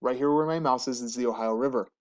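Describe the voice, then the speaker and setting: A man teaching history, giving a relaxed, joking slideshow lecture to students. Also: medium pitch, fast talker. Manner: casual, jokey, asks students questions. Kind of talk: recorded classroom lecture over slides.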